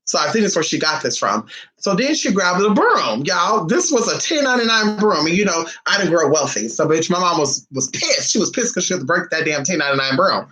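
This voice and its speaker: A man's voice: high-pitched, very animated, brisk, sharp tone, low-quality recording. A man vlogging casually, telling family stories in a sassy, flamboyant and profane way. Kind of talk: casual storytelling.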